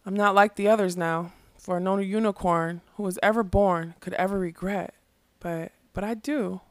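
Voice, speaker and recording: A woman voicing a sorrowful immortal female unicorn in a storybook reading, solemn and measured. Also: mid-range voice, fairly even intonation, no echo, close to an everyday voice. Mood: mournful.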